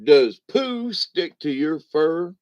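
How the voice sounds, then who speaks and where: A man's voice: fairly high pitch, sing-song, slow, a little mellow, voice pushed up. Guy doing a big old joke bear, folksy, kinda muffled lo-fi sound. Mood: sly.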